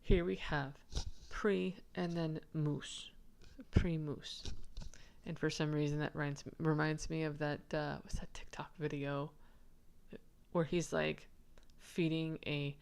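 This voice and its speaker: Slow, gravelly-voiced woman explaining. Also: low-pitched, level tone, a little mellow. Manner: chatty and giggly, rambling with fillers and restarts. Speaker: manuscript researcher presenting her findings. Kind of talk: casual explanatory lesson, reading viewer comments.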